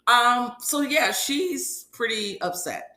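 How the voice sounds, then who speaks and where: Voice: medium pitch, expressive, takes it slowly, sharp tone, echoey room. A podcast host giving a casual episode recap, retelling scenes in a chatty way and acting out quotes from the characters.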